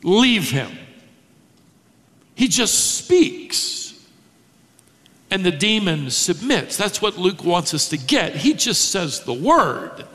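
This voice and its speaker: A man preaching an expository sermon, dramatic, acting out quoted lines with sudden raised shouts. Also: a little high, big-room sound. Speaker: pastor.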